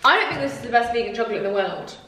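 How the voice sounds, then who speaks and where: A woman's voice: fairly high pitch, lively intonation, very fast, noisy background. A woman in her twenties chatting casually and retelling a story with lots of "like". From England. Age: 20s. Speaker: vlog co-host. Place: home room. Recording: echoey room, mic at a distance.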